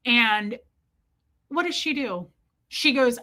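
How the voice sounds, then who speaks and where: Her mid-range voice is bright and forceful, with lively intonation at a moderate pace. As a casual livestream host, she tells a blunt, crude funny story, pausing between beats to greet viewers by name.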